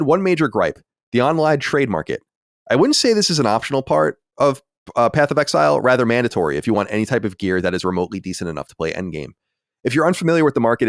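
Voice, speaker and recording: A man hosting a podcast in casual chat, animated and swearing, with many restarts. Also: fairly low pitch, no echo, studio quality. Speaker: podcast host.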